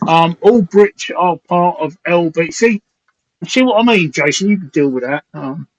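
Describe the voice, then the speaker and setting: A man's voice: on the high side, animated, normal speed, dry recording, low-quality recording. A man hosting a casual live stream, loose and rambling, swearing casually as he reads out viewer comments.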